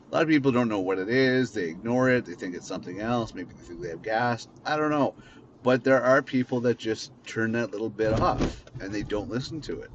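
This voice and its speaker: A man's voice: on the low side, muffled recording, a little hiss or hum. A man hosting a podcast from his car, talking in a blunt, rambling way and swearing freely. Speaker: podcast host. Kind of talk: casual unscripted monologue.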